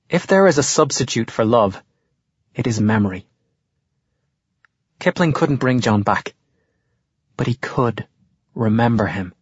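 Guy doing an earnest teacher, husky voice, dull lo-fi sound. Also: medium pitch, no echo, voice pushed down. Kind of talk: audiobook narration. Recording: dull lo-fi dry audio.

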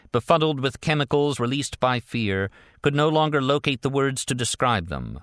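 A man narrating a thriller audiobook in a measured, even way. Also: mid-range voice, dry recording, studio quality. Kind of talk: scripted narration.

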